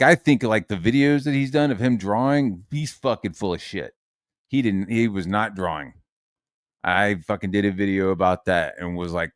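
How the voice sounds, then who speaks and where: A man's voice: sits low, no room sound, clean studio sound. A man streaming from his room, ranting casually and swearing a lot. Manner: profane and heated, lots of swearing.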